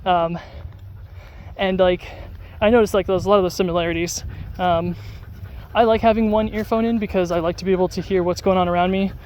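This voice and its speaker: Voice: mid-range voice, fairly even intonation, brisk, long pauses, a little mellow, a little hiss or hum. An adult vlogger talking casually to the camera while out on a dog walk, rambling with lots of fillers and restarts. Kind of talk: casual vlog talk to camera.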